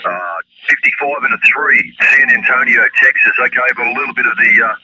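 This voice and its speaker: Fast chatty Australian man on ham radio. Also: mid-range voice. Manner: friendly, chatty, calls everyone mate. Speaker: amateur radio operator. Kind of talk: casual on-air radio contacts. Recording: loud radio static hiss.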